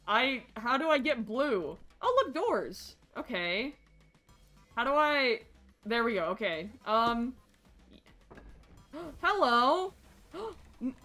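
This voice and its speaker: A woman streaming a game from her basement, chatty and excitable, with game music behind her. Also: on the high side. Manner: excitable, chatty, bursts into shrieks and laughter. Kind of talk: casual gameplay streaming. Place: home basement.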